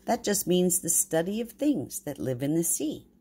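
A woman's voice: on the low side, big pitch swings, moderate pace, warm tone, husky. Grandmother voicing a kindly bear professor. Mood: explaining. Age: older. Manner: explanatory, patient. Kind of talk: storybook read-aloud.

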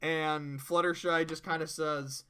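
Male reviewer, casual, animated and profane, high bright voice, slips into quick character voices. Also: clean tone. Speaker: show reviewer. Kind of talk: casual tier-list commentary.

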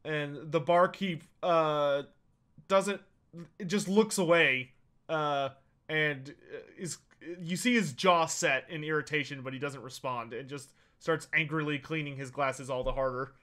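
A man narrating as game master of a tabletop role-playing game, pausing often with fillers as he describes scenes. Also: fairly high pitch, sharp tone. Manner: halting, many uh fillers while narrating.

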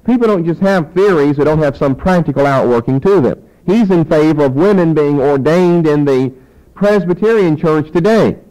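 Man, Bible teacher, fairly high voice, emphatic explaining, radio broadcast sound. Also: expressive, moderate pace, mellow, low-quality recording. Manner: explanatory, emphatic, spelling out words letter by letter.

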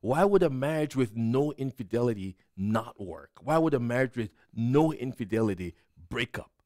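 A man preaching a sermon as pastor, slow and earnest, repeating his key phrases. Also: mid-range voice, animated, darkish tone, no room sound, clean studio sound.

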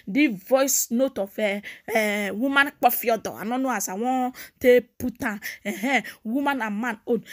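A high-voiced Nigerian woman running a gossip show. She chats casually and mockingly, breaking into sing-song repeats as she retells the latest scandal. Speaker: gossip channel host. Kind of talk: casual celebrity gossip commentary.

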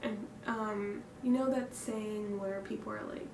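A woman's voice: medium pitch, steady tone, a little slow, creaky. A young woman talking openly to camera in a personal vlog, reflective and hesitant, breathing hard from nerves. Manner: reflective and candid, with hesitant fillers and sighs. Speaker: vlogger. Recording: echoey room, distant mic, background noise.

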